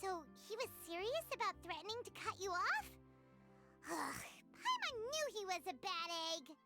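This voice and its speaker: A woman voicing a tiny, chatty female fairy companion in a video game, squeaky and excitable. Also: moderate pace, over loud music, heavily acted. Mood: suspicious.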